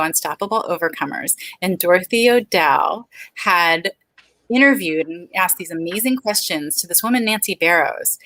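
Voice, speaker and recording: Frank, bright-voiced woman in her forties. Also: lowish voice, no echo, low-quality recording. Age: 40s. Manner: frank, earnest and open. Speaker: guest, speech-language pathologist. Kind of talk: candid interview talk.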